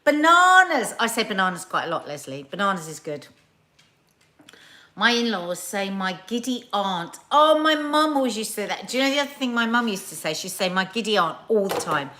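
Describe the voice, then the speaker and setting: A woman's voice: mid-range voice, lively intonation, brisk, pushed and bright. A woman hosting a live stream, chatting casually and reading viewer comments aloud with playful, exaggerated delivery. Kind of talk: casual chat.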